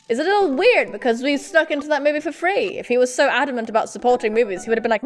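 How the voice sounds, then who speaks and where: A young woman gaming YouTuber playing a dating game at home, reading the text aloud with giggly, playful commentary and sudden loud squeals. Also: fairly high pitch, expressive, very fast, hardly any pauses. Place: home room with a pet cat. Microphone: desk mic with face cam.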